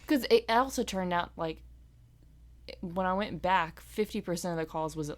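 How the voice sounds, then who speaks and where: Low-voiced, rambling woman co-host. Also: moderate pace. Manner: relaxed, rambling, drops into mutters. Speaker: podcast co-host. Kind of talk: casual chat.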